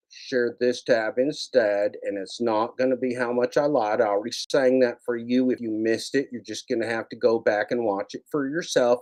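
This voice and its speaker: Sarcastic rambling male vlogger. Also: fairly low pitch. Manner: sarcastic, repeats phrases, mock-scolding asides. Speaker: YouTube broadcaster. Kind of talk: rambling screen-share commentary.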